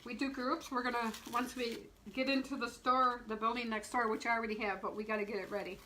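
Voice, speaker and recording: A woman's voice: a little high, little pitch movement, fast talker, sharp tone, slight background noise, rough recording. A middle-aged woman and shop owner demonstrating wreath making on a live stream, chatting, laughing and greeting viewers by name as she works.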